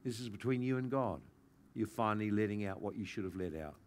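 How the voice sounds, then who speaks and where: A man teaching a sermon in an earnest, pastoral manner, at times building in intensity and then dropping soft and low. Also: lively intonation, a little fast, a little hiss or hum.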